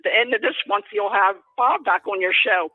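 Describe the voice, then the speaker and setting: A man's voice: high voice, expressive, moderate pace. A man calling in to a talk show, agreeable and mostly giving short replies with little chuckles. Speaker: caller. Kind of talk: call-in conversation. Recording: tinny dry phone line.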